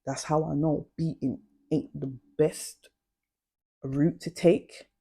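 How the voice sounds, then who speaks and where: A woman's voice: deep voice, fairly even intonation, slow pace, gravelly, warm tone, breathy edge. A young adult woman, chatting casually and confidingly about her past in slang-heavy storytelling. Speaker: vlogger.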